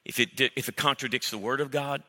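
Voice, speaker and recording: Man, middle-aged pastor, sermon, very bright sharp tone, blunt emphatic delivery, long hall reverb. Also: mid-range voice, fairly even intonation, fast talker. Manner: emphatic, blunt preaching with sudden loud mock-dialogue bursts.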